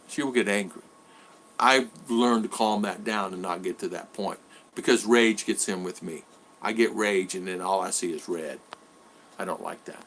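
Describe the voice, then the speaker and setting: A man's voice: fairly low pitch, fairly bright tone. A man hosting a casual live stream from his home in the Philippines, rambling and repeating himself while greeting viewers by name.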